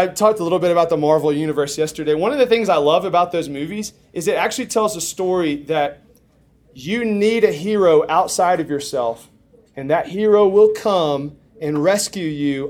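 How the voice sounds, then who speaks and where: Man, young adult, preacher, animated storytelling, fairly high voice. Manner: animated storyteller, swings from hushed to shouting. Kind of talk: storytelling sermon.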